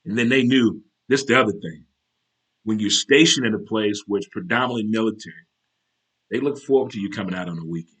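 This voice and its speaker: A man hosting his own casual talk show, animated and chatty, breaking into military cadence chants. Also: lowish voice, fast talker, slightly rough. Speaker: show host.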